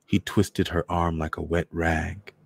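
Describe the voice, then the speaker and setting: A man doing a cold read of a short story in a measured, steady way. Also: deep voice, gravelly, dry recording, clean studio sound.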